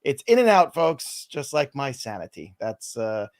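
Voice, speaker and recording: A man's voice: mid-range voice, sing-song, unhurried, darkish tone. A man hosting a live fantasy baseball stream, talking in wry, self-mocking running commentary as he moves through the news. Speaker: host.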